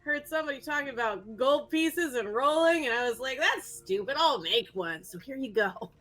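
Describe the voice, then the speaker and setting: A woman's voice: high-pitched, expressive, moderate pace, a bit bright. A woman voicing Helvis, a cheerful small waddling woman adventurer in a tabletop game, bubbly and offhand. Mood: cheery.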